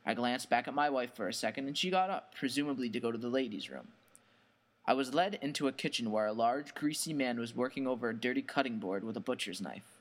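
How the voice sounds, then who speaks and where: A man narrating a first-person horror story in a measured, plain storytelling manner. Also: mid-range voice, expressive.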